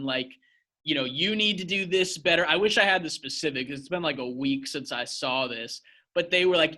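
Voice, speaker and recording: A young man co-hosting a podcast tells a long, rambling story. His voice is bright and pushed, sitting a little high. He swears freely and keeps the tone casual and animated. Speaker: podcast co-host.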